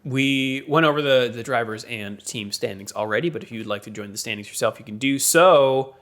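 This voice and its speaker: A man co-hosting a casual motorsport podcast, quickly running through standings and broadcast times in an upbeat way. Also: medium pitch, fairly bright tone. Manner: reads schedules and listings in a quick, upbeat way. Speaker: podcast co-host.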